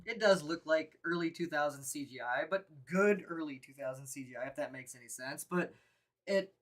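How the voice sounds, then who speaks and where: A woman's voice: low-pitched, a little fast. A woman co-hosting a live horror movie review, chatting casually and laughing often between rambling remarks.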